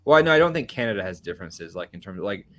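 An American man hosting a casual podcast chat, curious and questioning, quick to laugh. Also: sits low, very animated, a bit bright. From United States. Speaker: podcast host.

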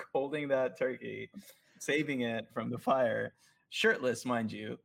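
Relaxed male podcast co-host, gravelly fry, mid pitch. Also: slow pace. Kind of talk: casual chat.

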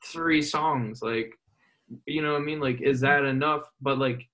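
A man's voice: on the high side, steady tone, unhurried, sharp tone. A man interviewing a guest in a casual, rambling way, full of fillers. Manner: casual, filler-heavy questions.

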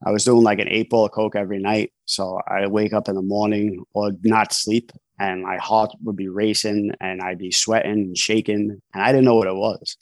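A man's voice: fairly low pitch, flat delivery, moderate pace, hardly any pauses, dry recording. A man, a podcast guest, tells his story candidly in casual interview talk, with frequent fillers and restarts. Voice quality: conversational, frequent "you know" fillers and restarts. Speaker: podcast guest, author in long-term recovery.

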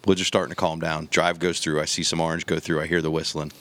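Low-voiced man telling an animated hunting story. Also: quick pace, a little hiss or hum. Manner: animated storyteller, acts out gunshots and quotes. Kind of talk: casual storytelling chat.

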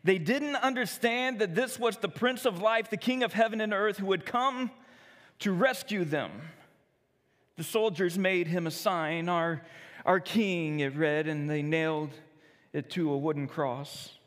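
A man narrating a children's storybook, expressive and dramatic, slowing for solemn moments, with long reverb. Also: high-pitched.

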